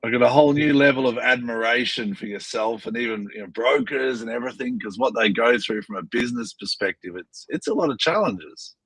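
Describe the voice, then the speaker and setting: A man hosting a relaxed video call chat from a boat, laughing easily. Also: mid-range voice, brisk, few pauses, breathy edge, no echo, low-quality recording. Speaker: host. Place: on a boat bridge.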